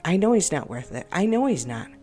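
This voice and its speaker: A woman talks through a frustrating encounter in a loose, rambling monologue. She sounds upset and exasperated and keeps doubting herself. Quiet music plays underneath. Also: fairly low pitch, sing-song, a little fast. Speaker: game video creator. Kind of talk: personal venting monologue. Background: faint background music.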